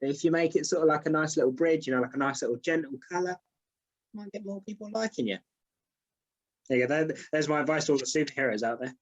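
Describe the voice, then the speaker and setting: Young comedian, rambling and self-deprecating, slightly higher voice, video call. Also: male voice, expressive, fast, highs cut off. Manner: rambling, self-deprecating, lots of "you know what I mean". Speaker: comedian guest. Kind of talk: casual interview chat.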